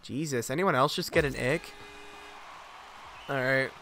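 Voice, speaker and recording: A young man streaming a game live, giving excitable commentary full of profane trash talk. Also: mid-range voice, measured pace, slight background noise.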